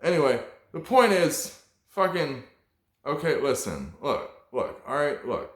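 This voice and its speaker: A man's voice: on the high side, very animated, unhurried, echoey room. A man hosting a comedy podcast alone, delivering a rambling, profane, mock-preachy monologue.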